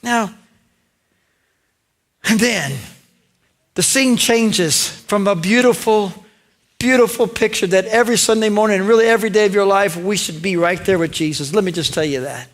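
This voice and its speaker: Animated male pastor preaching a sermon. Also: sits high, normal speed, long pauses. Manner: animated storytelling, acting out characters' lines; conversational asides to the congregation.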